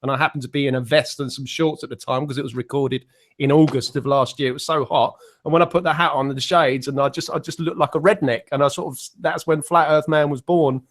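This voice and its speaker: A man's voice: fairly high pitch, fairly even intonation, fast talker. English male guest on a video call, rambling and self-deprecating, restarts often. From England. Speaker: guest musician. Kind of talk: casual online panel chat.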